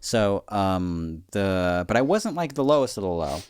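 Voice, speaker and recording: A man's voice: low-pitched, big pitch swings, unhurried, darkish tone, clean tone, dry recording, studio quality. A man co-hosting a comedy podcast, telling a rambling, profane story full of filler words. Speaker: podcast co-host.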